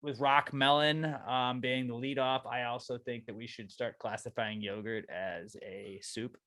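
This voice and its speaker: A man co-hosting a podcast in casual chat, playful and swinging from loud outbursts to mumbled asides. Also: mid-range voice, steady tone, unhurried, dry recording, studio quality. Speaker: podcast co-host. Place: podcast studio.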